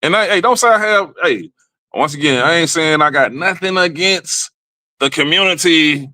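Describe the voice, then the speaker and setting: A man's voice: a little high, moderate pace, sharp tone, no echo. A man hosting a comedic livestream, riffing in loose, profane rants full of repeated fillers. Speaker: show host. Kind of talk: casual comedic livestream commentary.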